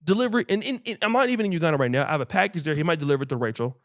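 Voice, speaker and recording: A man hosting a podcast who tells stories in casual chat, animated and swearing freely while acting out what people said. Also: fairly high pitch, very fast. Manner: animated, acts out quoted dialogue, swears freely. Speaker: podcast host.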